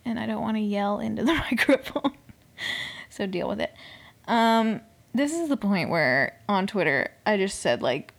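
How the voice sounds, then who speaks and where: A young woman hosting a casual recap podcast, chatty and expressive, swearing freely, slipping into whispers and mock outrage. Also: medium pitch, unhurried, creaky. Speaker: podcast host. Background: air conditioner noise.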